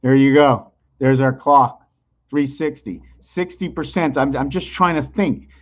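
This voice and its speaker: A man hosting a rambling vlog monologue, musing aloud with rhetorical questions and slowly counting out numbers, at times loud and worked up. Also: mid-range voice, fairly even intonation, lo-fi sound. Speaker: channel host.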